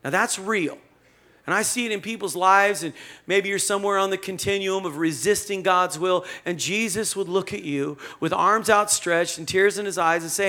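A male pastor delivers a sermon in a loose, conversational way and acts out the stories as he goes. His voice is bright and clear, sitting a little high for a man. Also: normal speed. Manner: conversational, animated storytelling preaching.

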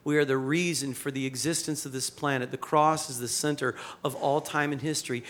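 A man preaching a sermon in a conversational, animated way, mixing jokes with rhetorical questions. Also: mid-range voice, brisk. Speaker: pastor.

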